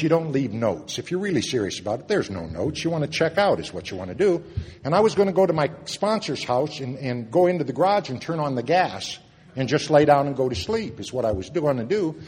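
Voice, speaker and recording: A man sharing a personal recovery story at a meeting, earnest, moving between loud and hushed moments. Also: medium pitch, breathy edge. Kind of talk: personal testimony talk. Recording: long reverb of a hall.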